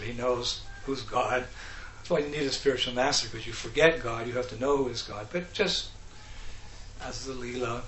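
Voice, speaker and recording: A man giving a devotional talk, telling scripture stories in a lively way and acting out the characters. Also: mid-range voice, slight background noise. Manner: animated, acts out characters, laughs often. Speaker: speaker. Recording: echoey room with faint ambience.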